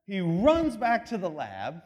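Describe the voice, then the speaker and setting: A man's voice: high voice, wildly swooping pitch, slow pace, a little mellow. A man giving a motivational talk with slides, telling a story animatedly and acting out voices. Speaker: speaker. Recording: long reverb in a hall.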